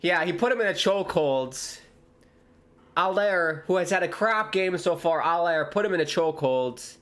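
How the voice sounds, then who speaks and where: Young american guy hyped up streaming a footy watchalong, kinda high voice. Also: moderate pace. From United States. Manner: excitable, exclaims loudly at big moments. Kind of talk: live football watchalong commentary.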